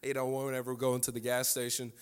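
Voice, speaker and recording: A man's voice: medium pitch, monotone, fast talker, clear, resonant tone. A preacher delivering a sermon who repeats lines for emphasis and chuckles his way through a family story.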